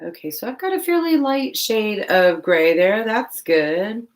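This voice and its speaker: A woman hosting a casual livestream while painting, chatting loosely and joking at herself in quick asides. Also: mid-range voice, expressive. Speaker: livestream host. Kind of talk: casual live-stream chat while painting.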